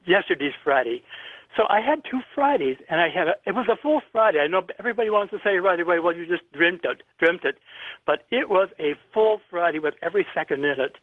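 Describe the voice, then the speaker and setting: An older man from Indiana tells a personal story as a radio caller, his fairly high voice coming over a tinny phone line. He speaks earnestly and vividly and clears his throat from time to time. The sound is dry and close. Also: animated, fast, dry recording. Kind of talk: telling a personal story on a call-in radio show.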